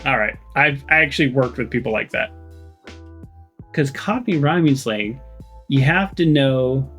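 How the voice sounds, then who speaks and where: A man's voice: medium pitch, animated, unhurried, a bit bright, faint music behind. A man commentating a game playthrough, joking and rambling, and reading the characters' lines aloud in playful voices. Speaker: let's play host.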